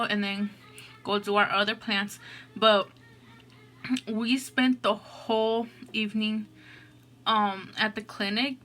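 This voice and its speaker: A woman's voice: a little high, pushed and bright. A woman hosting an eating show, telling a story in a rambling, casual way full of "like" and "oh my gosh.". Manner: rambling, filler-heavy, lots of "like" and "oh my gosh".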